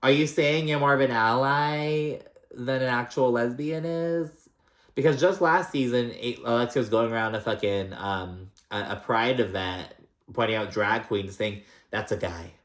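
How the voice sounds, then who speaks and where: Brief: male recap vlogger, mid-pitched, catty and sweary, loose chatty delivery, room echo. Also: fairly even intonation, normal speed, fairly bright tone. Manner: chatty, gossipy and profane, with frequent fillers. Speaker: reality TV recap host. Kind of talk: casual recap commentary. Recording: roomy echo.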